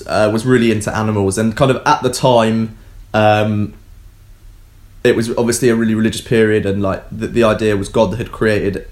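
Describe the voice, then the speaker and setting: Casting note: man, lowish voice, laid-back science podcast co-host, jokey and rambling. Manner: relaxed, joking, many ums and restarts. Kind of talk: casual science podcast chat.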